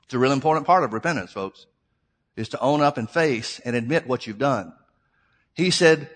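A man's voice: mid-range voice, expressive, normal speed, creaky, long pauses, husky. Man preaching a conversational sermon. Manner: conversational preaching, asks rhetorical questions and addresses "folks".

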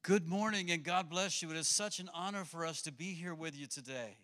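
A man's voice: a little high, brisk, fairly bright tone. A man from New Jersey, a visiting missionary, greeting a congregation in a gracious, formal way. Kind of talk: church greeting.

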